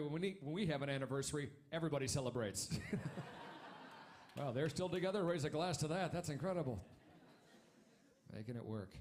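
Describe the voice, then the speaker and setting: A man in his thirties doing a stand-up comedy set on a club stage, wry and punchy, with quick asides to the crowd. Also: on the high side.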